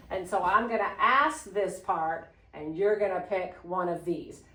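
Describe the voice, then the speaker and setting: A woman teaching a Spanish class, slowly modeling phrases for students to repeat. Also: mid-range voice, fairly bright tone. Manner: patient, slow modeling of phrases. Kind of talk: classroom lesson. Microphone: phone camera propped on a water bottle. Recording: echoey classroom.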